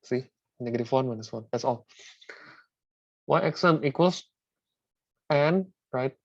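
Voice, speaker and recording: A man's voice: medium pitch, measured pace, no room sound, highs cut off. A man teaching a math lesson, working through the examples step by step, often repeating words and asking "right?" after each step.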